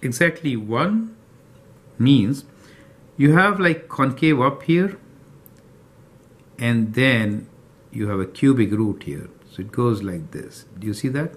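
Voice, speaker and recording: A man's voice: mid-range voice, animated, slow pace, pauses often. A man teaching a calculus lesson step by step, often checking in with the viewer. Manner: explanatory, checks in with "right?" and "do you see that?". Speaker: math teacher.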